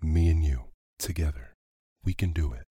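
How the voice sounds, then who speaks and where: A man with a very deep, husky voice voicing Danny, an earnest, hopeful young boy in a storybook reading. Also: moderate pace, mellow, no room sound, studio quality.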